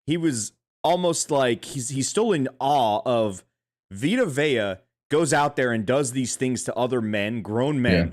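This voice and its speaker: A man co-hosting a sports podcast, talking in a casual, animated way with frequent swearing. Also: mid-range voice, measured pace. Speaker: podcast co-host.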